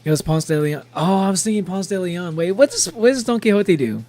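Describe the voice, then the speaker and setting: A young man chatting loosely while streaming a game, rambling and breaking into laughs. His voice sits a little high with a gravelly, fry-laced texture. Faint game music plays underneath. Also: lively intonation, a little fast, darkish tone. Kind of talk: casual gameplay streaming chat.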